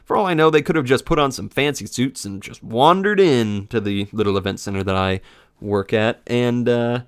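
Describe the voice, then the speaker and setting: A man's voice: mid-range voice, moderate pace, clean tone, no echo, studio quality. A man in his twenties, a game commentator telling a casual story in a sarcastic, profane way. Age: 20s.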